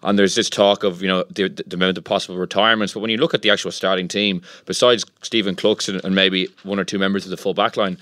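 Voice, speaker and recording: An Irish radio host runs through facts at a brisk pace. His voice is very low and stays flat in pitch. The sound is close and dry. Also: dry recording. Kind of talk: sports radio discussion.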